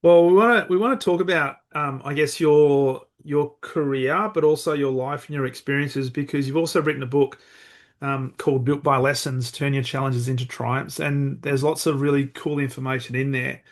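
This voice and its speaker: A man hosting a podcast, interviewing a guest in an upbeat, energetic way. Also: medium pitch, normal speed. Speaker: podcast host.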